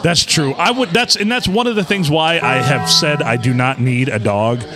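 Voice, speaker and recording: A man's voice: on the high side, moderate pace, music in the background. A man co-hosting a casual podcast from a bar, joking around and laughing often. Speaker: podcast co-host. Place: bar on a Sunday night.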